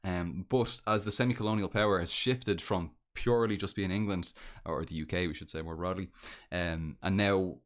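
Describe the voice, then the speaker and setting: A man's voice: low voice, moderate pace, few pauses. An Irish man chatting casually on a podcast, rambling with many fillers and restarts. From Ireland. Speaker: podcast guest. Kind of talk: casual chat.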